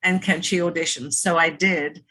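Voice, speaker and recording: A woman from South Africa with a fairly low voice speaks as a guest at an online event. She thanks her hosts effusively and tells her story in a rambling, gracious way. She is heard through a computer mic on a video call. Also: steady tone, moderate pace, bright, forceful tone, low-quality recording. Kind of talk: storytelling in a presentation.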